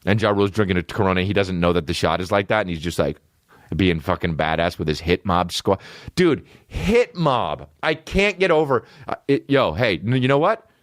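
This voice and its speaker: A man hosting a comedy podcast, riffing in a profane, animated rant full of repeated phrases. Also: deep voice, a little fast, no echo, studio quality. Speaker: podcast host.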